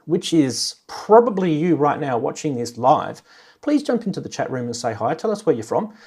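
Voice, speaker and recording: A man's voice: fairly high pitch, very animated, normal speed, darkish tone, breathy edge. A man with an Australian accent hosting a casual livestream, cracking corny jokes and greeting viewers by name. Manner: jokey, rambling, greets chat by name. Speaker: livestream host.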